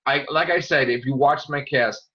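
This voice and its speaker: A man hosting a casual podcast chat, animated and acting out scenes with loud outbursts. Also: medium pitch, normal speed, slightly rough, lo-fi sound. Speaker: podcast host.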